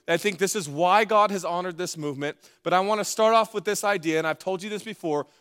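A man's voice: high-pitched, fairly bright tone. A man preaching a sermon in a playful, conversational way, with asides to the congregation. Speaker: pastor.

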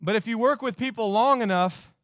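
High-voiced man preaching emphatically. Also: brisk, fairly bright tone, dry recording, studio quality. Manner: emphatic, repeating phrases for effect. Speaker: pastor. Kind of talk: sermon.

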